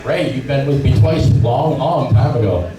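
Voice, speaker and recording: A man's voice: medium pitch, normal speed, crowd noise. A middle-aged man telling fishing stories at a club meeting, acting out voices and sounds as he goes. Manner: animated storyteller, acts out voices and sounds. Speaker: fishing guide giving a club talk. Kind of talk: storytelling seminar talk. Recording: echoey room from far off, noisy.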